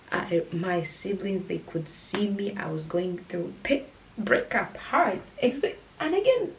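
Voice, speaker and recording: A young woman vlogger in a casual storytime vlog, chatty and animated, often dropping into hushed whispers. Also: medium pitch, slight background noise, rough recording.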